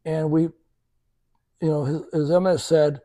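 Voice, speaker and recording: Slow-paced and fairly high-pitched, a man guesting on a podcast spins a conversational story in a dry recording. Lively in his telling, he performs the quoted dialogue himself.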